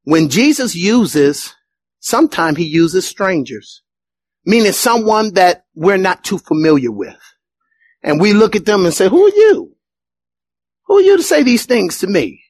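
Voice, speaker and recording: A man preaching a sermon as pastor, animated, acting out the voices of the people in his stories. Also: high-pitched, no room sound.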